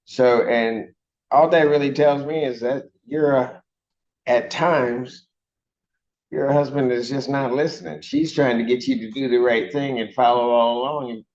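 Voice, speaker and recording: A man's voice: mid-range voice, fairly even intonation, measured pace, darkish tone. A man presiding as a judge in a courtroom hearing, talking bluntly and with a teasing, conversational manner. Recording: dull lo-fi courtroom audio.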